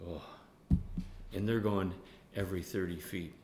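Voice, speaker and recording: A man preaching a sermon in an animated way, laughing often and dropping to a hushed tone when he voices prayers. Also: low voice, unhurried, roomy sound, slight background noise. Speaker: pastor. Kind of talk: sermon with Bible study.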